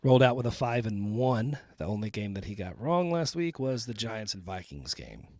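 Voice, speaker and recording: Brief: blunt, profane podcast host from Texas with a low, animated voice. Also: male voice, moderate pace, dry recording, clean studio sound. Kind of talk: casual comedy podcast chat.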